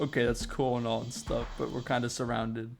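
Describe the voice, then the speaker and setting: A man's voice: mid-range voice, flat delivery, brisk, gravelly, slight background noise. A young man giving gameplay commentary and reading game text aloud, laughing often and joking with casual swearing. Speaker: gamer.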